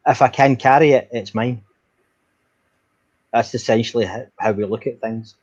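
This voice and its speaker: A man's voice: medium pitch, moderate pace, darkish tone, no room sound. An Irish man rambling through a story in casual chat, swearing freely. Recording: dull lo-fi sound.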